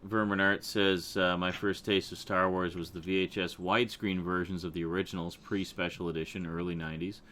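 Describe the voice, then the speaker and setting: A man's voice: deep voice, little pitch movement, fairly quick, few pauses, fairly bright tone, slight background noise. A man co-hosting a livestream in casual chat, reading viewer comments aloud and laughing often.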